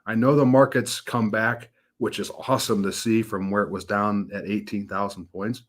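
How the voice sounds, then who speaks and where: A fairly low-pitched male voice with a steady tone keeps a moderate pace. The speaker, a financial advisor in his thirties, leads a casual webinar in a folksy, upbeat manner, narrating stories and acting out their voices.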